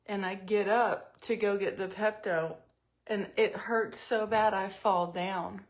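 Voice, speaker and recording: Slow, chatty woman telling stories at home. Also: medium pitch, steady tone. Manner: chatty, self-mocking storyteller. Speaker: vlogger doing makeup. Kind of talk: casual storytelling vlog.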